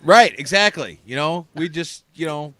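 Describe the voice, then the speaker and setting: A man's voice: on the high side, normal speed, fairly bright tone, dry recording. A man in a casual chat, bantering playfully.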